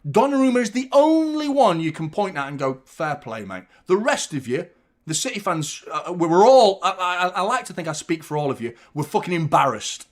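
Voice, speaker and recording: A man's voice: high-pitched, very animated, normal speed. A young man hosting a live football watchalong, ranting and swearing constantly in exasperation. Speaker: fan channel host.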